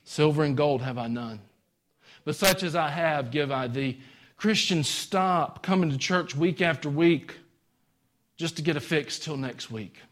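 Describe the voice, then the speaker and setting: A man preaching a sermon in a folksy way, rising to high exclamations. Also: measured pace, a bit bright.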